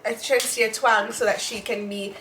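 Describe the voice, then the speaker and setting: A Jamaican woman co-hosting a relaxed chat show. Her voice sits a little high and she talks in loose, rambling runs with plenty of fillers. A faint hiss hangs under the recording. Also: normal speed. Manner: chatty, rambling with fillers and restarts. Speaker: co-host. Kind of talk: casual chat.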